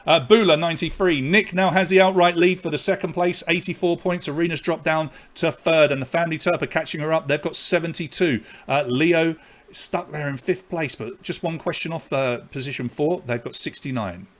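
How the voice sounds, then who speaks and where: A man's voice: on the high side, fairly quick, fairly bright tone. A man with an English accent hosting a live online pub quiz, reading questions and scores with chatty, jokey asides. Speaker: quiz host.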